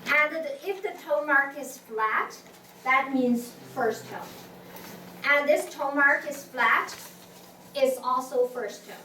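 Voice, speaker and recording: A Mandarin-speaking Chinese language teacher leads a class in a high, unhurried voice, often restarting phrases and singing out tones for students to repeat back. The recording is distant, echoey and noisy, with steady room noise behind her.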